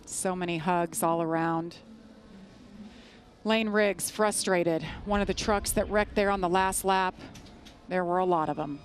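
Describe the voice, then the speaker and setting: A woman's voice: fairly low pitch, steady tone, a little slow, a little hiss or hum. Upbeat female race announcer. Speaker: play-by-play announcer. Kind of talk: race broadcast commentary.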